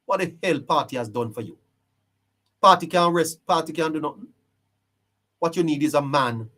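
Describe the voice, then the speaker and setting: Guy hosting a live stream, kinda high voice, preachy, keeps repeating himself for emphasis. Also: normal speed, pushed and bright. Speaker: live-stream show host. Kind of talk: live-stream political commentary.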